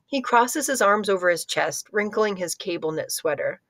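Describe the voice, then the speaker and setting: A woman's voice: medium pitch, lively intonation, moderate pace, fairly bright tone, no echo. A woman narrating a children's book in first person, conversational with occasional slips and asides. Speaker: audiobook reader.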